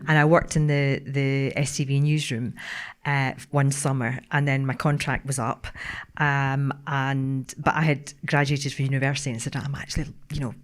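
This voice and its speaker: A middle-aged woman, a broadcaster on a panel, telling stories in a casual, animated way with frequent laughs and restarts. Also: extremely low pitch, normal speed. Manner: animated storyteller, laughing often, many restarts.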